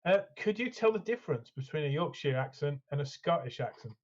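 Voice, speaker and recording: A man's voice: on the high side, lively intonation, a little fast, lo-fi sound. A man co-hosting a casual hobby chat, talking enthusiastically and rambling with lots of fillers. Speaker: co-host.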